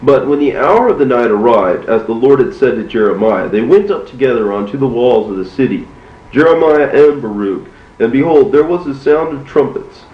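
Man reading scripture in an echoey room. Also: medium pitch. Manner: measured, steady reading. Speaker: reader. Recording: distant, roomy, dull recording.

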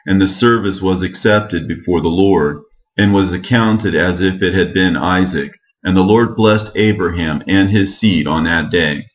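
A man narrating an old religious text in a measured, steady reading. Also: deep voice, low-quality recording. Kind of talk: scripture reading.

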